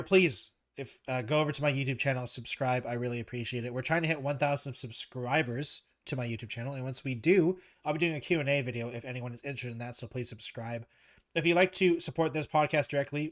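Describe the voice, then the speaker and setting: A man hosting a casual gaming podcast, teasing his co-host, with his voice dropping quiet at the ends of phrases. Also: medium pitch. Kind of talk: casual chat.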